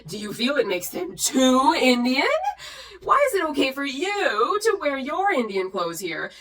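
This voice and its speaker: Tipsy female vlogger, sarcastic and animated, reads comments aloud, a little off-mic. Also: fairly high pitch, normal speed, distant mic. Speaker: YouTuber reacting to comments. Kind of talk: casual vlog commentary.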